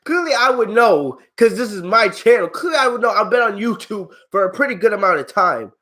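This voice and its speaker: A man's voice: high voice, animated, fairly quick, pushed and bright. A man hosting a live-stream wrestling review, ranting in an exasperated, heated way at viewers in his chat, swearing freely and laughing at them. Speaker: wrestling channel host.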